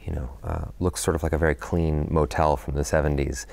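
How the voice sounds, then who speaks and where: A middle-aged man speaks in a very deep, rough, fry-laden voice, giving a press interview about a film he acted in. He thinks aloud, circling back and filling gaps with "you know" as he searches for the right words. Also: level tone, a little fast, darkish tone, no room sound.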